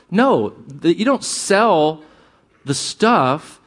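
A man preaching a sermon, animated and jokey, who acts out quoted lines in a raised voice. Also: high voice, slow. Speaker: pastor.

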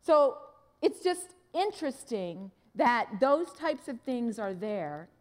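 Animated woman pastor in a reverberant hall. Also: on the high side, slow pace. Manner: animated, acts out dialogue in her story. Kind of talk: sermon storytelling.

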